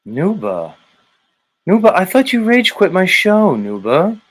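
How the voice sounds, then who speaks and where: A man's voice: high-pitched, wildly swooping pitch, rough recording. A man hosting a livestream in a casual, teasing way, greeting viewers and reading their comments aloud. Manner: teasing, drawn-out, laid-back. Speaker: livestream host.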